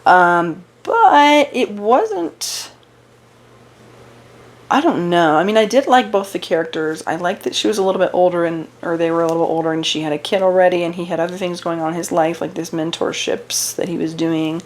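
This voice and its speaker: A woman's voice: lowish voice, steady tone, fast talker, few pauses. A young woman chatting casually about a book while crocheting, talking in a rambling way with fillers and restarts, her voice wearing out. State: losing her voice. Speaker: book vlogger.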